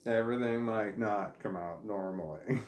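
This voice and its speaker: On the low side and a little mellow, the voice moves at a moderate pace. A man sits at home with a puppy in his lap, rambling casually to camera in a candid, self-deprecating vlog that drifts from idea to idea. Echo from the room colors the recording.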